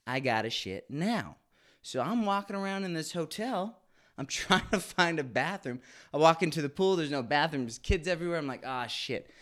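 Swearing twenty-something guy oversharing a funny story, smooth clear voice. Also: fairly high pitch, expressive, normal speed, fairly bright tone. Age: 20s. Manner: crude, candid, comic oversharing with lots of swearing. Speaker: podcast host. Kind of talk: casual storytelling monologue.

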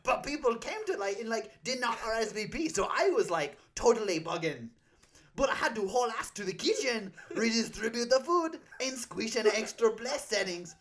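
A man's voice: high-pitched, sing-song, normal speed, few pauses, fairly bright tone, exaggerated voice. A man faking a wandering Scottish-ish valley girl. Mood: chatty. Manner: wobbly put-on accent that drifts. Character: chatty valley-girl speech done in a failed Scottish accent. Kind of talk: comic monologue reading.

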